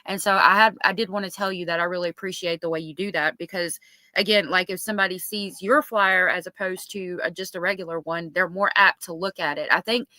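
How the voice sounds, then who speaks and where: A woman's voice: lowish voice, fairly even intonation, brisk, bright, forceful tone, no room sound. A woman hosting a casual livestream, reading chat messages aloud and chatting with lots of ums. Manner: chatty, filler-heavy with many ums. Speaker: livestream host.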